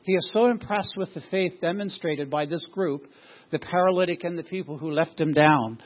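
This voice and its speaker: High-voiced husky preacher, tinny sound. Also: male voice, normal speed. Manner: asks the congregation rhetorical questions. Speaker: pastor. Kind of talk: sermon.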